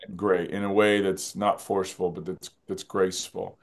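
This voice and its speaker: A man with a fairly low voice speaks as a guest in a reflective interview. His delivery is earnest and musing, and he circles back to repeat key phrases. He often restarts sentences as he talks. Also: level tone, normal speed, gravelly. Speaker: film director, interview guest.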